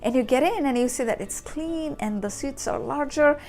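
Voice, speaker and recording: A woman's voice: high-pitched, normal speed, darkish tone. A young woman vlogger from India telling a story straight to the viewer, acting out little quoted voices as she goes. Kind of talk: storytelling to camera.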